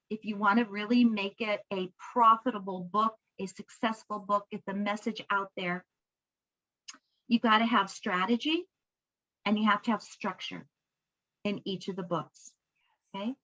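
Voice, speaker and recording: A woman's voice: medium pitch, normal speed, a bit bright, lo-fi sound. A woman book coach telling stories and teaching, acting out bits of dialogue over a video call. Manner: storytelling, acts out dialogue. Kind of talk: conversational teaching.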